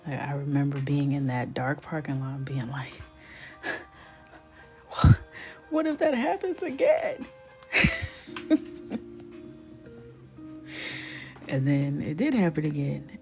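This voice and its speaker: Woman, thirties, host of a live coloring stream, low voice, chatty storyteller who slips into near whispers. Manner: chatty and animated, often dropping to a near whisper. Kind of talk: casual storytelling while coloring.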